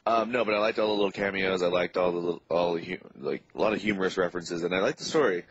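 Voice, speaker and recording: A man's voice: low-pitched, racing, breathy edge, dry recording. A man giving his enthusiastic, chatty take on a film as a podcast co-host, on muffled lo-fi audio. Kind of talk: casual film review chat.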